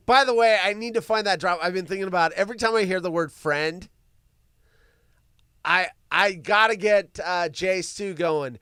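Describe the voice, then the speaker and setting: This livestream host has a high voice with a clean tone and talks at a normal speed. He riffs animatedly on news stories, wisecracking and swearing freely in casual commentary, recorded dry with clean studio sound.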